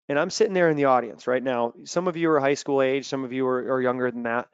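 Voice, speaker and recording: A man coaching athletes in a lively webinar talk, telling stories and acting out quotes loudly. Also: mid-range voice, quick pace, few pauses, clean tone, dry recording, dull audio. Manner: animated storytelling with loud acted-out quotes. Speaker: mental performance coach. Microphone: video call.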